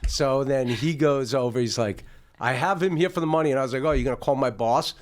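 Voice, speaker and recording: A man's voice: medium pitch, brisk. Middle-aged male podcast host, profane raconteur, mid-range voice, acts out every character. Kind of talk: casual storytelling chat.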